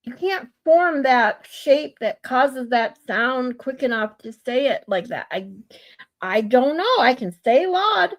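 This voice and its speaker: Slow, musing woman streamer. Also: high voice, animated. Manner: musing aloud, slow, playful word practice. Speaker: streamer host. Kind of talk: casual livestream chat.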